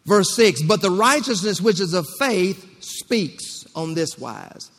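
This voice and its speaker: Man, preacher, rousing sermon, repeats phrases, high voice, echoing hall. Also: animated, measured pace, fairly bright tone. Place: church. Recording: long reverb of a church hall.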